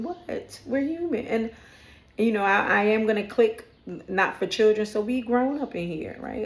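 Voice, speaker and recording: A candid woman from Brooklyn talks in a casual, chatty way. Her voice sits a little low, and the room around her sounds echoey. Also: a little mellow. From Brooklyn, New York. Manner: candid and chatty, with frequent "right?" and laughter. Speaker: spiritual vlogger. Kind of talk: casual spoken reflection.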